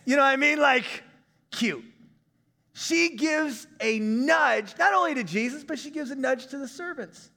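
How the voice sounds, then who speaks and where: A male pastor in his thirties preaching a conversational sermon, breaking into shouts now and then. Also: extremely high pitch, lively intonation, a little slow, gravelly, big-room sound.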